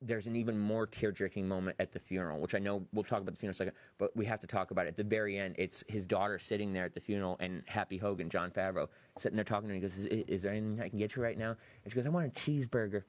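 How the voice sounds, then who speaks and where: A man on a podcast excitedly walks through a film scene by scene, jumping into the characters' lines as he goes. His voice sits low and he talks at a rapid clip. The sound is dry and close, with no room around it. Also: no echo. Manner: animated retelling, acts out quotes. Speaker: podcast host. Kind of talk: excited movie review chat.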